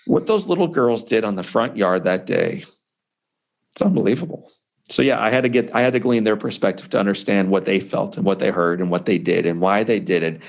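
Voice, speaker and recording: Being interviewed, a forty-something author and speaker recounts his own story emphatically and conversationally. He talks fairly quickly in a gravelly, fairly low voice.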